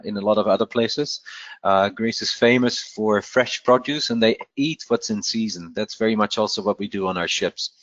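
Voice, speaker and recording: A man presenting a slide talk about travel to an audience, conversational and often pausing with fillers. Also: lowish voice, no echo. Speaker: cruise line presenter. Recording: dry, dull lo-fi sound.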